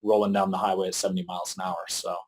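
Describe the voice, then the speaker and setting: Low-voiced, easygoing male podcast host. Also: slightly rough. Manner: relaxed, halting, with fillers. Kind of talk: casual interview chat.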